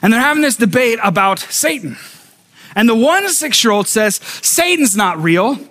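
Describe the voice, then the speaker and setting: A man's voice: extremely high pitch, lively intonation, normal speed, pushed and bright. A man, a pastor, preaching a conversational sermon to a live congregation and asking them questions as he goes. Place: church sanctuary with a live congregation.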